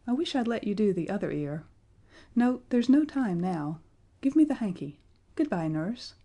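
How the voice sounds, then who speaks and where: A woman's voice: medium pitch, animated, normal speed, warm tone, close to an everyday voice. A woman voicing a polite, eager little boy who has just been made king, asking one question after another in a storybook reading.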